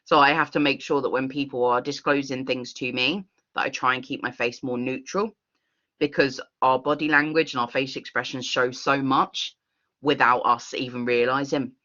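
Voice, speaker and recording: Bright woman leading a workshop. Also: a bass voice, highs cut off. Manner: expressive, earnest, with quick laughs. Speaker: workshop facilitator. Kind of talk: online workshop talk. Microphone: video call.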